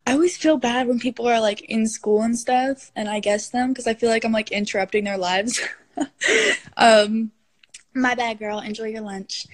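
A woman's voice: on the high side, fairly even intonation, a little slow. Gushing young woman on a phone livestream. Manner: gushing, affectionate, talks to her pet. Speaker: livestream host. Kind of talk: casual livestream chat.

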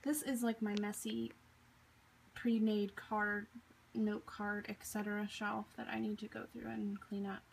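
A woman's voice: mid-range voice, level tone, a little slow, gravelly, a little hiss or hum, rough recording. A woman in her thirties giving a casual, chatty tour of her home craft room, filming as she talks, with lots of fillers and self-deprecating asides. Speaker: craft vlogger.

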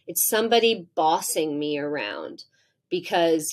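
A woman's voice: medium pitch, unhurried. A woman in her forties, a professor guest on a podcast, talking candidly and acting out heated exchanges as she tells stories. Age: 40s. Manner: animated storytelling, acts out heated exchanges with laughter.

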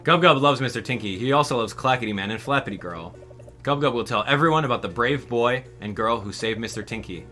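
A man voicing a simple-minded, childlike game creature who talks about himself in the third person, slow and plain. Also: medium pitch, pushed and bright, soft background music, natural voice. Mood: sweet.

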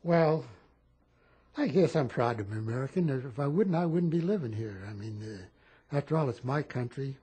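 An old man in his eighties tells war stories in a rambling, animated manner. His voice is deeply husky and dark, and his pitch swings widely as he acts out the people in his tales. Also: moderate pace. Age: 80s. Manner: rambling, animated storytelling with repeated phrases. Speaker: war veteran interviewee. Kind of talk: telling war stories in a home interview.

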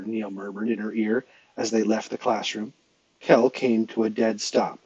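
A man reading a novel aloud in a steady, expressive narrating voice. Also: lowish voice, unhurried, no room sound, muffled recording. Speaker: audiobook reader.

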